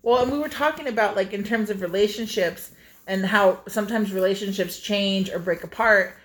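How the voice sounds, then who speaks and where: A woman's voice: medium pitch, moderate pace. A woman co-hosting a casual chat podcast, teasing and playful. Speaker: podcast co-host.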